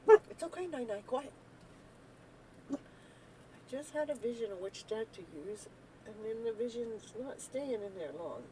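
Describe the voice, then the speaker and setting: A woman hosting a live tarot stream in a casual, chatty way, with a slightly high and very lively voice that swings up and down. She breaks into playful whooping cheers and drops to quiet murmured asides. Faint noise sits underneath. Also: normal speed, pauses often, rough recording. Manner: talks softly while eating, then bursts out loud. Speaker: live tarot reader and show host.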